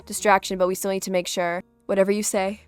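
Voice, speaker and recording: A woman's voice: mid-range voice, level tone, quick pace, smooth, no room sound, faint music behind, natural voice. A woman reading a bored male thug. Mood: irritated.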